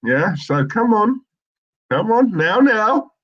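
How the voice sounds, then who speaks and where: A man's voice: a little high, moderate pace, highs cut off. A man co-hosting a live football stream, chatting casually and joking with viewers, laughing often. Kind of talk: casual banter and viewer chat.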